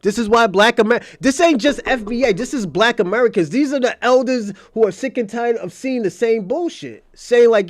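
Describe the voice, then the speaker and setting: Male commentary host, high-pitched, dry close sound; profane, insistent, repeats his points. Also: moderate pace, few pauses, no echo. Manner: emphatic, profane, repetitive, argumentative. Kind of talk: casual livestream commentary.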